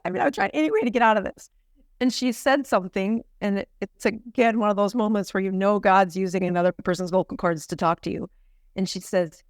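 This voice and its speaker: A middle-aged woman, a physician and podcast guest, telling stories in an animated way and laughing often. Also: medium pitch, brisk, no room sound, studio quality. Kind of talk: storytelling in a podcast interview.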